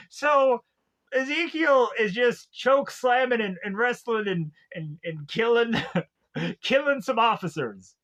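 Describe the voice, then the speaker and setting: A man with a high voice talks through a movie's plot in a loose, casual way. He laughs often and slips into quick voices for the characters. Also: animated, pushed and bright. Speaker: film reviewer. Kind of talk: casual spoken movie recap.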